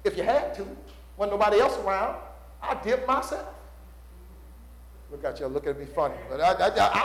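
A male preacher delivers a sermon with call-and-response, building loud and dropping low. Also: moderate pace, pauses often. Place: church sanctuary. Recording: roomy church echo.

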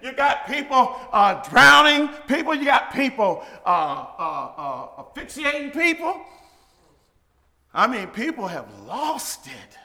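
A man preaching a sermon in a church, fervent, with shouted peaks and joking asides. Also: sits high, big pitch swings, slow pace, vocal fry. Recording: echoey hall.

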